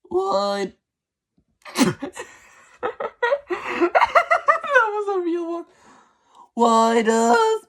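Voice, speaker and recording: Giggly woman with a lively, swooping voice. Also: extremely high pitch, extremely slow, long pauses. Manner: giggly, playfully trying out odd voices. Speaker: channel host. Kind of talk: casual solo vlog chat.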